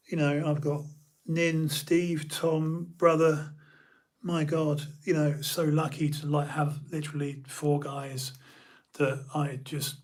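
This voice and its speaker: A young man from the UK, streaming an emotional personal monologue, halting and repeating his words as he talks. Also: a little high, darkish tone.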